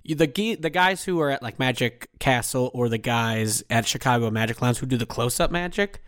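A man's voice: medium pitch, lively intonation, a little fast, fairly bright tone, clear, resonant tone, dry recording. Rambling man telling stories, close and dry. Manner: rambling storyteller with restarts, laughs often. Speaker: podcast co-host. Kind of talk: casual chat.

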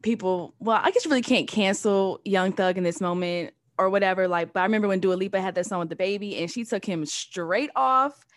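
A woman's voice: mid-range voice, a little fast, hardly any pauses, no room sound, clean studio sound. A woman co-hosting a hip-hop news podcast, chatty and agreeable in casual conversation. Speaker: podcast co-host.

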